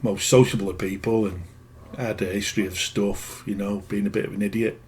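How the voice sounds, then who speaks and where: A man's voice: fairly low pitch, flat delivery, fairly quick, a little mellow, a little hiss or hum. Plain-spoken man telling a story. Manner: rambling, plain-spoken, self-correcting. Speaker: spiritual healer. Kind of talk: casual storytelling monologue.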